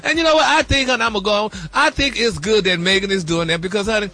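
A man's voice: high voice, quick pace, bright, forceful tone. A man hosting celebrity gossip in a flamboyant, sassy chatting style. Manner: flamboyant, peppers talk with honey and y'all.

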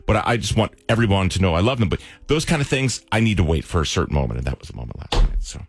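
A man's voice: low-pitched, very animated, racing, gravelly, husky, dry recording. A man in his thirties, a morning radio host, telling a sincere family story with self-deprecating jokes.

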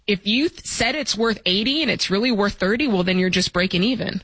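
A female co-host on a call-in advice show speaks directly and practically, pressing the caller for figures. Her pitch sits in the middle of the usual range. She is recorded close and dry in a studio. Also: expressive, a little fast, a bit bright, dry recording.

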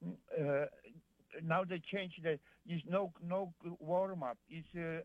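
Mężczyzna, wzburzony rozmówca, stłumiony dźwięk. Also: male voice, a little high, steady tone, narrow, tinny audio, slight background noise. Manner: halting, many fillers and restarts, heated. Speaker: caller. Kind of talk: call-in radio chat.

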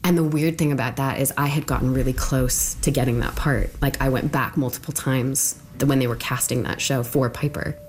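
Very deep-voiced woman telling her story. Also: steady tone, normal speed, few pauses. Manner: casual, loose, full of "like" fillers. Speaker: interviewee. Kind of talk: recounting a personal story.

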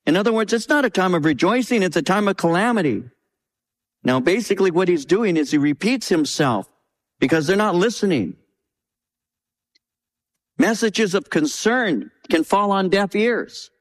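A man's voice: sits high, in a large hall. A man preaching a sermon as pastor, earnest, often repeating words as he works through his point.

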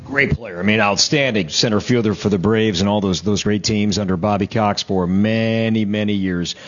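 A man's voice: fairly low pitch, normal speed, a bit bright, muffled recording. A man interviewing a former player and asking friendly, leading questions. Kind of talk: sports broadcast interview.

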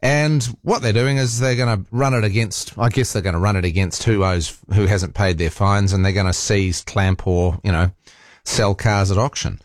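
A male talkback host with a New Zealand accent, speaking in a lowish, relaxed register. He rambles chattily and restarts his sentences often. The sound is dry and close on a studio microphone. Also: normal speed, no echo. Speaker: radio talk show host. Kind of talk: casual talkback chat.

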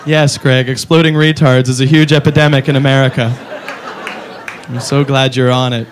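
A man doing a stand-up set, animated and profane, mocking people with quick impressions. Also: mid-range voice, background noise. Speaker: stand-up comedian.

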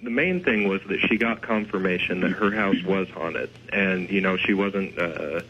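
A man with a low but bright, forceful voice explains his methods as a radio guest. The sound is dull and lo-fi, with a faint hiss behind him. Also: normal speed. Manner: explanatory, loose with fillers. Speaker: ghost investigator guest. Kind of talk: radio interview.

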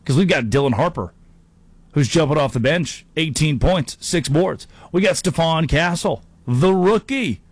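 A man hosting a sports talk show, delivering an energetic, jokey monologue with quick asides and playful impressions. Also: on the high side, no echo. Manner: animated, jokey, slips into mock impressions. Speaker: sports talk radio host.

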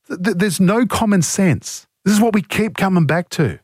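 A man's voice: sits high, lively intonation, normal speed, few pauses, darkish tone, slightly rough, no echo, studio quality. An Australian man hosting talkback radio, blunt and exasperated as he takes calls and reads out texts. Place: radio studio. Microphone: studio microphone.

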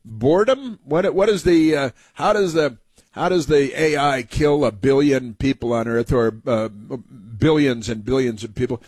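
A man's voice: medium pitch, measured pace, darkish tone, husky, no echo. A man hosting a talk show, giving combative, rambling political commentary with frequent fillers.

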